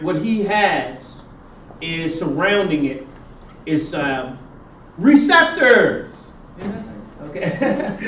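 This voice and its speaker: A man with a high voice lectures in a classroom and keeps pausing so his students can fill in the answers. He is picked up from a distance by a dull recording. The room is echoey, with faint background noise. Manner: quizzing students with fill-in questions. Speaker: professor.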